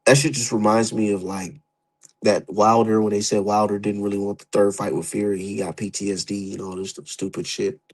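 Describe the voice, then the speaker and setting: A young adult man giving profane, heated, animated commentary as a boxing streamer. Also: lowish voice, brisk, rough recording. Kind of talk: casual ranting commentary.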